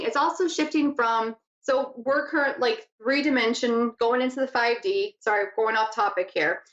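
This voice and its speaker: A woman hosting a psychic radio show, teaching in a relaxed, conversational style with a fairly high voice. She rambles and laughs easily. The recording is dull and lo-fi, with echo in the room behind her. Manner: chatty, laughs easily, wanders off topic. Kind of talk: casual spiritual teaching talk. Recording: echoey lo-fi room sound.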